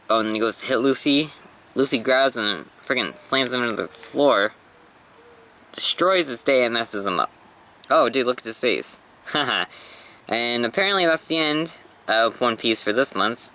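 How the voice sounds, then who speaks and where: A young man hosting a casual manga read-aloud, chatty and relaxed. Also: medium pitch, moderate pace. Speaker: host reading manga.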